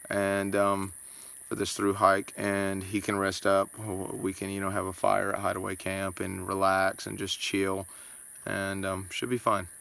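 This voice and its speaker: A man talking through trip plans in a relaxed, laid-back way, outdoors by a creek on a trail vlog. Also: low-pitched, a little slow, vocal fry, smooth. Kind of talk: casual trail vlog chat.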